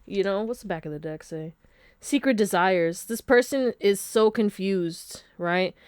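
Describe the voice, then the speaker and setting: A woman reads tarot cards for her viewers in a loose, chatty way, often laughing and dropping slangy asides. Her voice sits at a middle pitch. The recording is dry and close to the mic. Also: unhurried, a little mellow, clear, resonant tone, no echo. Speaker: tarot reader. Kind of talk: casual pick-a-card tarot reading.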